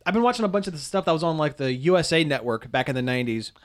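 A man's voice: on the high side, expressive, very fast. A man hosting a radio show, chatting casually with fillers and frequent laughter. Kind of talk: casual chat.

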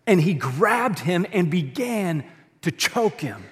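A man preaching a sermon in a large auditorium, his voice carrying a long reverb. He speaks in a fairly high register and keeps shifting between loud animated bursts and quiet hushed passages. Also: slow. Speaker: pastor. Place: church auditorium.

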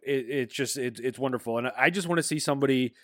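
A man of middle pitch talks casually on a podcast, hesitant and full of ums, now and then pushing into emphatic bursts. His voice sounds dry and close, with no room around it. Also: fast, a bit bright, dry recording. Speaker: podcast co-host. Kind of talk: casual chat.

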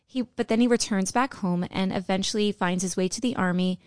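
A woman's voice: mid-range voice, brisk, a little mellow, clean tone, dry recording. Chatty woman podcast host, dry sound. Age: middle-aged. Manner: chatty, laughing, breaks into sung lines. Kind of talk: casual chat, telling a history story.

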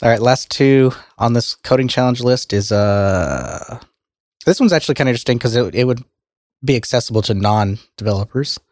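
A man co-hosting a casual podcast who is losing his voice and keeps clearing his throat. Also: medium pitch, normal speed, darkish tone, no room sound, studio quality. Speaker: podcast co-host. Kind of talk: casual tech podcast chat.

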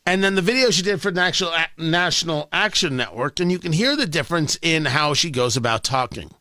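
A man's voice: a little high, sharp tone, no echo. A man hosting a talk radio show, delivering an opinionated, sarcastic and combative monologue into a studio microphone.

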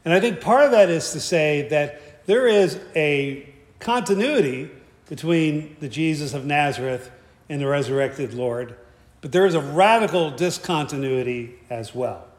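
A man's voice: fairly high pitch, measured pace. A man giving a conversational sermon, with joking asides and frequent restarts. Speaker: preacher. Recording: echoey hall.

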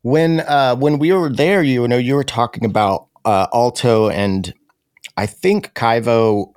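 A man's voice: mid-range voice, unhurried, a little mellow, smooth, no echo, clean studio sound. A man hosting a podcast, talking casually with lots of fillers and restarts. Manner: chatty, many fillers and restarts. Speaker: podcast host.

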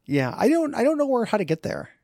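A man with a scratchy, hoarse voice co-hosting a comedy podcast in easygoing chat. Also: extremely high pitch, huge pitch swings, fast, darkish tone, dry recording, clean studio sound. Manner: easygoing, plays along with jokes. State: hoarse from karaoke. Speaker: podcast co-host.

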